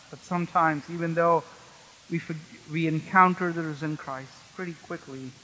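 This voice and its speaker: A man's voice: on the high side, bright, forceful tone, big-room sound, slight background noise, poor audio. A man preaching a sermon as pastor in a church, conversational and asking the congregation questions.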